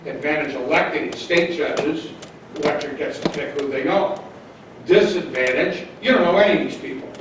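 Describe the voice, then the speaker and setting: A man's voice: on the high side, moderate pace, background noise. An older man from Minnesota, a public defender giving a blunt, folksy talk to an audience in a hotel function room. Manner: folksy, blunt storyteller with punchy asides. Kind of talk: lecture to a live audience. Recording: echoey room, speaker far from mic.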